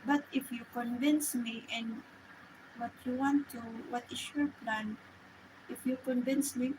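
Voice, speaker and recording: A woman chatting casually with viewers on a live stream, speaking halting English with many restarts. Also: a little high, steady tone, noisy background. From Philippines. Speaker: livestream host.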